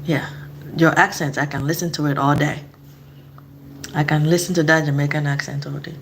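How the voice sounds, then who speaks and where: A woman's voice: low voice, steady tone, moderate pace, a bit bright, slight background noise. A young woman from Nigeria chatting casually with her live-stream audience, laughing often and repeating herself.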